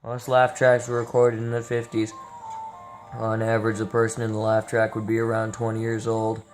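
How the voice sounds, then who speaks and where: Over soft background music, a young man comments on his gameplay in a fairly low, monotone voice at a moderate pace. He's sleepy and rambling, tossing in jokes and profanity.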